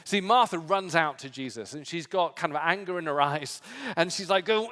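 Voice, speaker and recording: A male pastor preaching a sermon with impassioned emphasis, swinging from strong peaks to quiet, low passages. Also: animated, moderate pace, hardly any pauses, long reverb tail. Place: church sanctuary.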